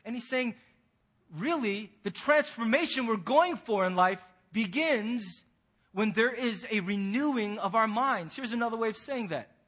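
High, bright-voiced preaching pastor. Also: male voice, a little slow, husky. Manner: earnest, preaching with pointed rhetorical questions. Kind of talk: sermon.

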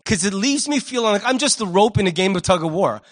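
A high-pitched man delivers a Sunday sermon from the pulpit. He paints vivid scenes with animated storytelling and drops humorous asides along the way. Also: quick pace. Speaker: pastor.

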